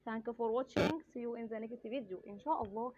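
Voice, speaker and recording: Woman teaching letters slowly. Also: a little high, highs cut off. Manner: slow, repetitive drilling of sounds. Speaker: Arabic teacher. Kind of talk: beginner language lesson.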